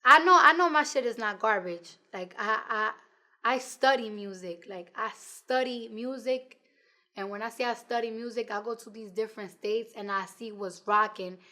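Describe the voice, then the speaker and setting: A New York woman in her twenties, a rapper, speaks bluntly and profanely in a casual interview, telling stories with animation. Her voice is a little high and her pace moderate.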